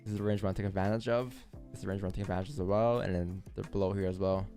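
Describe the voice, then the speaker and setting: Gravelly-voiced young man hosting a stream. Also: low-pitched, fairly even intonation, rapid-fire, mellow, faint music behind. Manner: loose, repetitive, walks through charts. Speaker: live trading stream host. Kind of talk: casual live-stream commentary.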